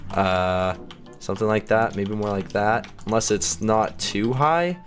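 A man's voice: on the low side, animated, a little slow, faint music behind. A man giving casual gameplay commentary as a video host, chatty and self-mocking, laughing often as he goes. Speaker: gaming YouTuber.

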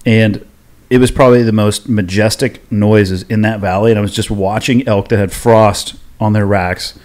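A man's voice: fairly low pitch, steady tone, normal speed, a little mellow. A man hosting a casual podcast conversation, talking candidly and poking fun at himself. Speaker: podcast host.

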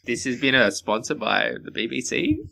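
A young man on a podcast with a bright, tense voice that swings widely in pitch. He keeps throwing in sarcastic jokes and quips as the friends chat. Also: lively intonation, normal speed, creaky. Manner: jokey, sarcastic interjections. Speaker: podcast co-host. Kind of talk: casual chat.

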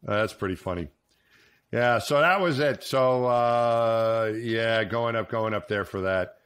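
A man's voice: lowish voice, a little slow, a bit bright, clean tone. A middle-aged man co-hosting a podcast, chatting easily with chuckles and frequent affirmations. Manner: easygoing, chuckling, lots of affirmations. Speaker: podcast co-host. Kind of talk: casual conversation.

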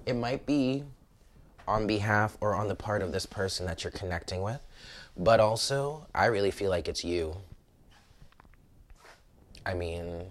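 Blunt, cursing American tarot reader, low voice. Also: male voice, expressive, measured pace, pauses often, a little hiss or hum. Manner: blunt and cursing, laughing and exclaiming often. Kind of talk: casual tarot reading.

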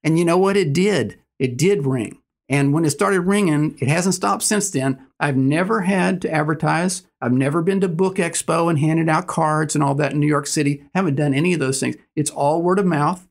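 A man in his sixties, a guest telling stories in conversation, earnest and animated, acting out the dialogue. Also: fairly high pitch, moderate pace, vocal fry, hardly any pauses. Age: 60s. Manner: earnest, animated storyteller who acts out dialogue. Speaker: guest, business owner. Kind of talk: conversational storytelling.

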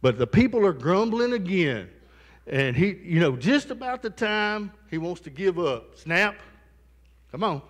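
A man's voice: high-pitched, big pitch swings, measured pace, big-room sound. A male pastor preaching a sermon in a conversational style, with asides to the congregation in a church sanctuary.

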